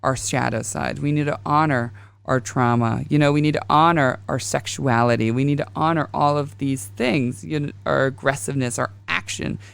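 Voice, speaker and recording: A woman's voice: a bass voice, fairly even intonation, normal speed, vocal fry, smooth, no echo. A woman in her thirties hosting a casual astrology podcast, rambling and confessional as she tells stories. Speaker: podcast host.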